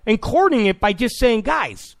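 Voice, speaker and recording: A man's voice: high-pitched, very animated, measured pace, vocal fry, a bit bright. A man hosting a political talk show, giving an opinionated monologue, emphatic, repeating phrases and stammering on restarts.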